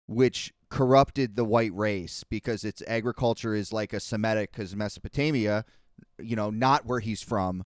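Smooth-voiced man in casual podcast banter. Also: mid-range voice, no echo, clean studio sound. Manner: rambling, profane, storytelling. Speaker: podcast co-host.

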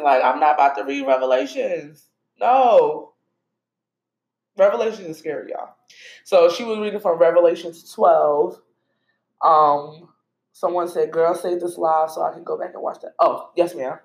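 A woman's voice: sits low, a little mellow. A woman podcast host giving an emotional, conversational faith talk with prayer, streamed live and speaking to listeners as y'all. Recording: roomy echo.

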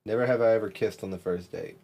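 A man's voice: lowish voice, quick pace, mellow. A man co-hosting a podcast, reading out drinking-game prompts in casual, joking chat. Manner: reads out game cards, joking. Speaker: podcast co-host.

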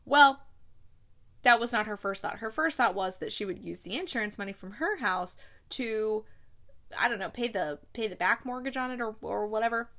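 A woman casually recapping a movie plot in a chatty, rambling way, acting out the characters' lines in quick quotes. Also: on the high side, sharp tone. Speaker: movie reviewer recapping a film.

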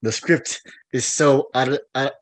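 A man co-hosting a casual movie podcast, excitable and rambling, with many fillers, restarts and laughs. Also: mid-range voice, unhurried, dry recording. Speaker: podcast co-host.

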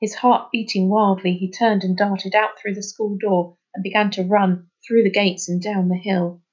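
A woman reading a children's novel aloud in a steady, expressive narrating voice. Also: mid-range voice, normal speed, husky, highs cut off. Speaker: storybook reader.

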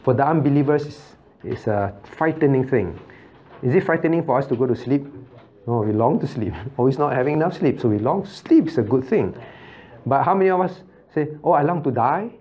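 A man's voice: mid-range voice, lively intonation, brisk, muffled recording. A man, a pastor, teaching a Bible study class, constantly asking his listeners questions, checking with "right?" and chuckling as he explains. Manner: chuckles often while explaining.

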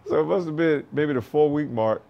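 A man's voice: on the high side, brisk, creaky, muffled recording. A man coaching boxing, chatting casually about his students, swearing freely and laughing often. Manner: animated, laughs often, acts out other people's lines; swears freely, loose restarts. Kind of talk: casual storytelling podcast talk.

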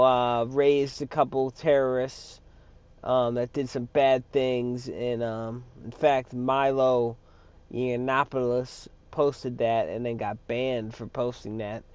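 Slow-talking man ranting crudely. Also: mid-range voice, a little mellow, no echo. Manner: crude, profane, rambling with many fillers. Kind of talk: casual rant. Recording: dull lo-fi recording.

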